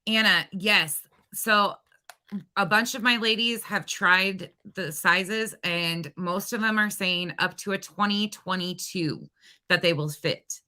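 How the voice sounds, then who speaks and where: A woman's voice: medium pitch, slow, sharp tone. A woman on a livestream, chatting casually about clothing sizes while keeping up with comments. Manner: chatty sales talk, reading comments.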